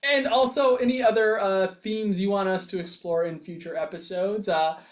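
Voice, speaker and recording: A man's voice: high voice, steady tone, moderate pace. A man hosting a casual comic-book podcast, making dry, wry jokes. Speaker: podcast host. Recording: roomy echo.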